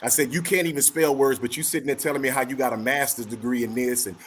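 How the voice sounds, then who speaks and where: A man's voice: mid-range voice, fairly even intonation, fast, husky. A man in casual chat, telling a story animatedly and acting out both sides of the dialogue.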